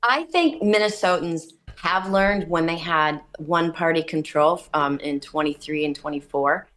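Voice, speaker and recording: Female politician guest, chatty storyteller, somewhat low voice. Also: unhurried, a bit bright. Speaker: state senator, guest. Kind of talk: casual radio interview.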